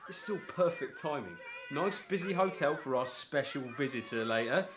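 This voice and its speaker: Hesitant, cheerful hotel co-owner played by an actor; fairly high male voice. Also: expressive, normal speed, noisy background, natural voice. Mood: upbeat. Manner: hesitant, upbeat.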